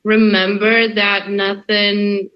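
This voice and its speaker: A woman's voice: medium pitch, monotone, takes it slowly, dull audio. A young woman with a light Russian accent, an actress guest on an interview podcast, talking in an earnest, emphatic way and often repeating phrases. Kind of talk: casual interview chat.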